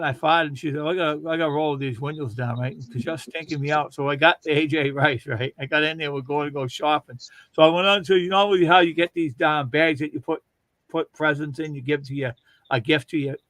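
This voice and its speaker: A man's voice: a little high, sharp tone, dry recording. A man casually telling long, rambling funny stories on a livestream and laughing as he goes. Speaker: livestream host. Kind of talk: casual storytelling chat.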